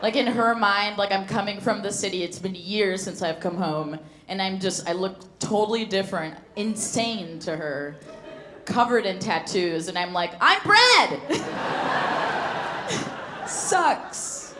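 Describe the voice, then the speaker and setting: A comedian doing a surreal stand-up set on a club stage, deadpan between sudden shrieks and giggles. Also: female voice, medium pitch, moderate pace. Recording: roomy club with audience noise.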